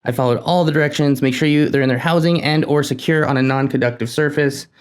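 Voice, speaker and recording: A man hosting a casual hands-on build vlog, talking to himself while he works, nervous and excitable. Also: mid-range voice, quick pace, clear, resonant tone. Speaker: tech hobbyist host.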